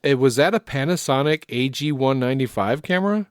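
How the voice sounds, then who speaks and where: Smooth voiced host guy, dry close mic, jumps in to keep things moving. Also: mid-range voice, lively intonation, brisk, no echo. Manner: friendly interjecting host, steering the talk. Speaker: podcast host. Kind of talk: casual chat.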